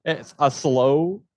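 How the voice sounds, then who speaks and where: A man co-hosting a casual music review podcast, blunt and quick to laugh, swearing casually. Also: a little high, a little mellow, no echo. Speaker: podcast co-host.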